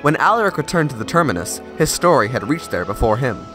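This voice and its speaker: A man narrating a storybook tale at a measured pace. His pitch is middling, but it rises and falls with plenty of life. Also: sing-song, a bit bright, soft background music.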